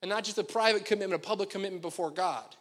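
A man with a high voice preaches in a church hall, and his words ring out with a long reverb. He keeps it conversational and joking and speaks straight to the congregation. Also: racing, fairly bright tone. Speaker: pastor. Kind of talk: sermon. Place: church sanctuary.

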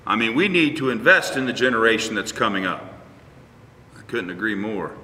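A man's voice: lowish voice, fairly quick, sharp tone, big-room sound, recorded from a distance. A male pastor preaching a conversational sermon, acting out little dialogues with his congregation. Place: church sanctuary.

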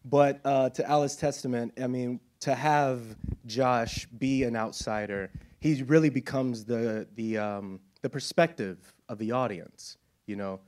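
A man's voice: medium pitch, steady tone, unhurried, a little mellow. An American man answering questions as an actor guest on a panel, enthusiastic and laughing, with plenty of fillers. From United States.

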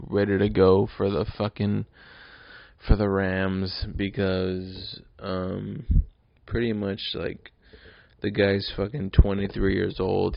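Deep and creaky, this man's voice comes through a dull, lo-fi recording without echo. He's a drunk twenty-something hosting a solo podcast rant, wandering off topic, cursing, and repeating himself.

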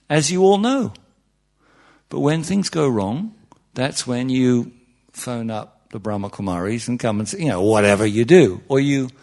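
A man with a gravelly, middle-pitched voice gives an informal spiritual talk. He rambles through it with humor and many asides, and his voice leaps upward when he stresses a point. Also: warm tone. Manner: chatty and humorous, many asides and "you know"s. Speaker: meditation teacher.

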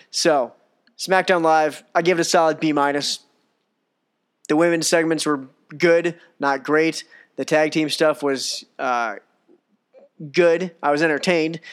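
A man's voice: a little high, clean tone. A man hosting a solo wrestling podcast, joking at his own expense and rambling in a casual, self-mocking way. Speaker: podcast host.

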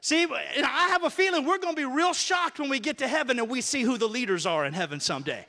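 A man's voice: very high-pitched, animated, quick pace, sharp tone. A man preaching a sermon to a church congregation, calling for responses and repeating key phrases for emphasis. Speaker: pastor.

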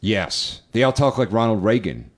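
A man co-hosts a loose comedy podcast with a low, lively voice that swings up and down. He is wry and self-deprecating and swears casually as he talks. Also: moderate pace. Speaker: podcast co-host.

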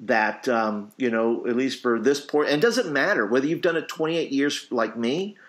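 A man's voice: medium pitch, moderate pace, fairly bright tone. A man in his late forties hosting a casual podcast conversation, talking earnestly with many restarts. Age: 40s. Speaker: podcast host, youth pastor.

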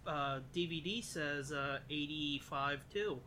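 High bright-voiced joking man. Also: measured pace, a little hiss or hum. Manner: joking, profane, laughs often. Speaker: podcast co-host. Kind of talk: casual movie commentary.

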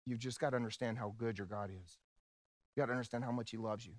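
A male pastor preaching a sermon, swinging between excited loud passages and hushed low ones, acting out quoted voices. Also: fast talker, no room sound.

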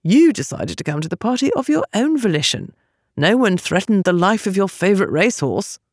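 A woman playing a calm aristocratic gentleman. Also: medium pitch, brisk, no room sound, studio quality. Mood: amused. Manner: mild, even, unruffled.

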